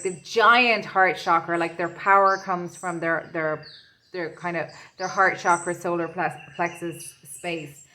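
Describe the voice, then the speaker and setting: A woman's voice: on the low side, bright, forceful tone, a little hiss or hum. A woman doing an intuitive tarot reading, rambling and searching for her words as she talks. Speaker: tarot reader.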